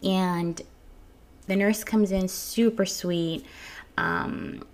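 A woman's voice: mid-range voice, fairly even intonation, extremely slow. A young woman telling a personal story to her viewers from home in a casual, candid way, swearing freely and restarting her sentences. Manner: candid and frank, swears freely, frequent restarts and little laughs. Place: at home early in the morning.

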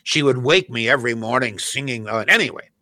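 A man's voice: medium pitch, brisk, pushed and bright, no echo, clean studio sound. An older man, a radio host telling rambling family stories and reading a live ad. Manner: rambling storyteller, laughs at own stories. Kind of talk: casual radio chat and live ad read.

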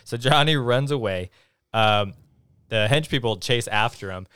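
A man's voice: medium pitch, measured pace, a bit bright, smooth, dry recording, clean studio sound. A man co-hosting a podcast, recapping a film in a laid-back, casual way with plenty of "um" and "like". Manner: laid-back, with many fillers like "um" and "like". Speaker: podcast co-host.

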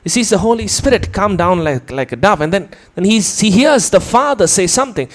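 A man with a high, light voice delivers a teaching sermon. He explains things patiently, point by point, and often turns to his listeners with a quick question. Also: lively intonation. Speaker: preacher.

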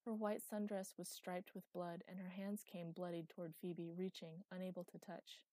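A woman reading a fantasy story aloud in a calm, measured narration. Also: on the low side, no echo. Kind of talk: audiobook narration.

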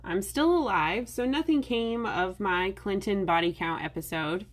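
A young adult woman hosts a solo podcast in a relaxed, chatty way. She breaks in with sarcastic asides and stays conversational throughout. Her voice sits at an ordinary middle pitch. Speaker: podcast host. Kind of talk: casual solo podcast talk.

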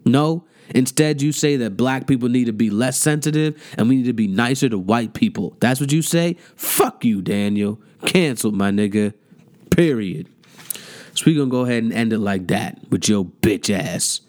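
A man's voice: mid-range voice, normal speed, a little mellow. A man hosting a podcast, ranting in a heated, profane, mocking way with lots of repetition. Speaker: podcast host. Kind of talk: casual rant.

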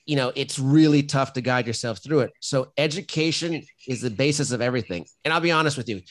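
Blunt, emphatic middle-aged man. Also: mid-range voice. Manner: emphatic, blunt, storytelling with frequent restarts. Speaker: podcast guest, firefighter and company founder. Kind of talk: casual interview talk.

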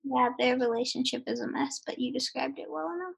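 A woman's voice: sits high, fairly quick, vocal fry, breathy edge, low-quality recording. A young woman on a college podcast panel, speaking directly in casual discussion.

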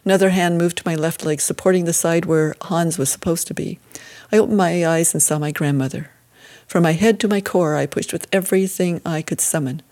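A woman narrates a first-person story in the manner of an audiobook. Her voice sits a bit low, and her reading is steady and measured.

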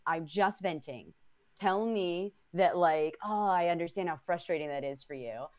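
A woman's voice: on the low side, normal speed, darkish tone. A woman co-hosting a casual panel chat, talking bluntly and emphatically and swearing freely. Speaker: podcast co-host.

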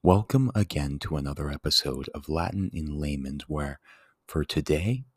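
A man hosting a podcast as a Latin teacher, speaking gently and reassuringly, sometimes slipping into a whisper. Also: very deep voice, breathy edge, no echo, clean studio sound. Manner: gentle, reassuring, slow and soothing. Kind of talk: soft-spoken podcast intro, partly whispered.

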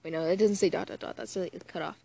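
Woman, husky voice, casual read-aloud, exasperated asides, groaning. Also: on the low side, fairly even intonation, fast talker, dark tone. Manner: groans and cringes between read passages. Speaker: reader of fan fiction aloud.

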